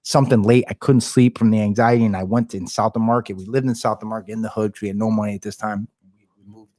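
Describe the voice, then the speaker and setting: A man with a fairly low voice tells a rambling, animated story as a podcast guest. He swears freely and slips into the voices of the people he quotes. The sound is dry and close. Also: fast, no echo. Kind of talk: casual storytelling.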